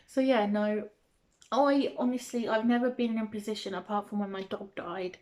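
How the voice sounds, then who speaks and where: A woman's voice: mid-range voice, steady tone, moderate pace, darkish tone. A young woman vlogging, answering questions to the camera in a hesitant way, with many ums and restarts and small laughs. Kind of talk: casual talk to camera.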